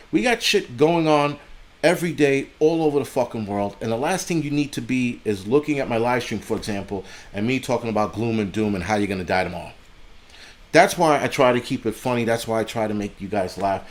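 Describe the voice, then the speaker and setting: A man's voice: mid-range voice, expressive, brisk. A middle-aged man from the United States hosting a casual live stream, rambling and swearing freely and breaking off to thank donors. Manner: profane, rambling, sidetracks to read donations.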